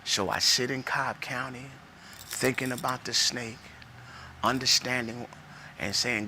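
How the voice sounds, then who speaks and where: An earnest man in his forties delivering a personal testimony with a preacher's rhythm. His voice is very bright and forward, sitting at a middle pitch. A faint hum of background noise sits under him. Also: steady tone, a little slow. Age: 40s. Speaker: speaker sharing his testimony.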